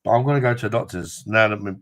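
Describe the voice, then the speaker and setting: A man's voice: fairly low pitch, rapid-fire, a bit bright, a little hiss or hum. A man chatting casually on a live stream, rambling and swearing freely, with a chesty cough from an infection. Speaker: livestream host.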